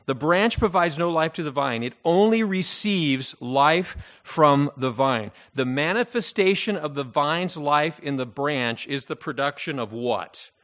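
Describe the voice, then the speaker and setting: Emphatic male pastor preaching in a church, a bit higher-pitched, leans on key words. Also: expressive, fairly bright tone. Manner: emphatic preaching, slows down to stress key phrases. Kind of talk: sermon.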